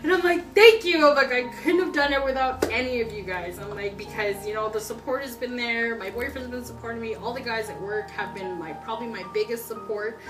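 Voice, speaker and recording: A young woman telling her story in a casual interview, chatty and excitable, laughing often. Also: on the high side, fairly quick, hardly any pauses, recorded from a distance. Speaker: customer giving a testimonial. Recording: roomy sound from off-mic with background music.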